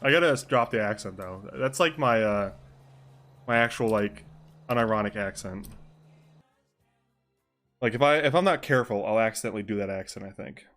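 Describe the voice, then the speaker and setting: A man's voice: lowish voice, normal speed, pauses often, a bit bright, faint music behind. A young adult man streaming live, chatting casually over a game in a loose, joking way and swearing freely. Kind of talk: casual live-stream chat during game role-play.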